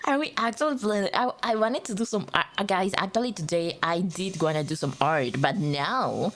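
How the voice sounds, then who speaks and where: A woman's voice: fairly low pitch, lively intonation, normal speed, hardly any pauses, fairly bright tone. Playful, giggly woman streamer. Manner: playful and teasing, giggly, with stammered restarts. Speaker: livestreamer. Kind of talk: casual livestream chat greeting viewers.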